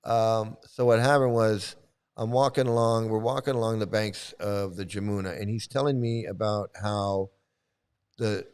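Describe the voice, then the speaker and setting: A man casually telling a personal story, halting often and repeating his phrases as he restarts. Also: lowish voice, clear, resonant tone. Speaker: vlogger recounting past experiences.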